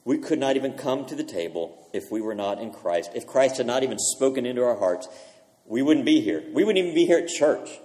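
Man preaching in a reverberant church. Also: mid-range voice. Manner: emphatic preaching, swinging from loud declarations to hushed phrase endings. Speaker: pastor. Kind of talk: sermon. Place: church sanctuary.

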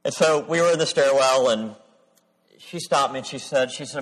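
A man preaching a sermon, reading scripture solemnly and telling stories from his week. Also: mid-range voice. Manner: measured, solemn reading, then animated storytelling. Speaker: pastor. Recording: long hall reverb.

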